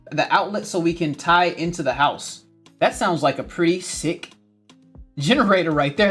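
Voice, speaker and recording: A man's voice: high voice, a bit bright. A man hosting a gardening livestream, reading viewer comments in a casual chat, laughing often and repeating his phrases.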